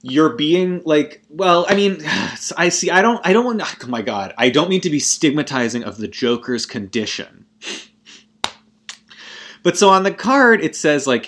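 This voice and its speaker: A young man talking casually about a film in a voice of ordinary pitch. He rambles and swears, constantly breaking off and restarting his sentences. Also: expressive, measured pace, a bit bright. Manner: rambling and profane, frequent self-interruptions. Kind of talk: casual movie rant.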